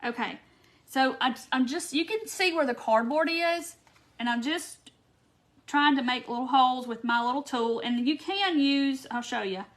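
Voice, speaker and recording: High-voiced woman chatting. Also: normal speed, slight background noise. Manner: chatty, storytelling, says "y'all". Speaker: craft host. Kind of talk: casual livestream chat while crafting.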